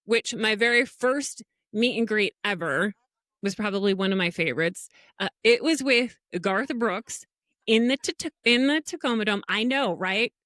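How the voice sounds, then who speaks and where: A middle-aged woman co-hosts a podcast, telling stories animatedly in a casual chat and laughing often. Her mid-range voice moves at a normal speed, and the recording is dry and studio quality.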